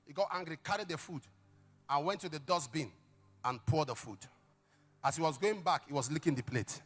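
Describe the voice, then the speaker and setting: A middle-aged male pastor preaching a sermon, telling stories dramatically with sudden shouts and hushed asides. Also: on the high side, a little fast, husky, faint music behind. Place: church service.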